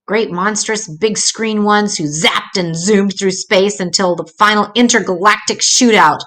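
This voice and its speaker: An older woman, a grandmother storyteller, reading a children's picture book aloud in a gentle, expressive way with small slips. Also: mid-range voice, measured pace.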